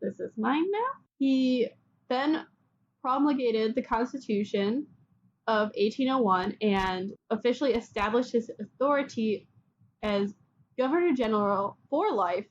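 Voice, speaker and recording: A woman hosting a podcast, telling history in a chatty, casual way and acting out people in quick quotes. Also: on the high side, highs cut off. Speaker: podcast host.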